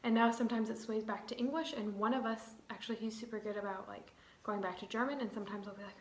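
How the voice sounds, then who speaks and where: A woman's voice: medium pitch, fairly even intonation, fast, few pauses, roomy sound, poor audio. A young woman in her twenties, chatting casually as a vlogger, rambling with lots of "like.". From United States. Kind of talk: casual chat.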